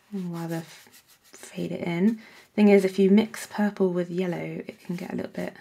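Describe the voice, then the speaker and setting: A woman hosting a painting tutorial, chatting casually as she works and often dropping into soft whispers. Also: medium pitch, gravelly, husky. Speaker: art workshop host.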